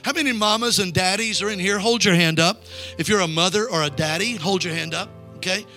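Male evangelist, high bright voice, call-and-response sermon over soft music. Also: fairly quick. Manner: call-and-response preaching, urging the crowd to repeat lines. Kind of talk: revival sermon. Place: church sanctuary.

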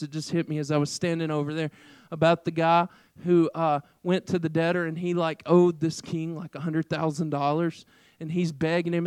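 A high-voiced middle-aged man preaches a sermon in a loose, chatty way, full of fillers. He swings between loud, emphatic bursts and quiet asides. The sound is dry and close. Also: dry recording. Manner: casual, conversational preaching with filler "like". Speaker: pastor.

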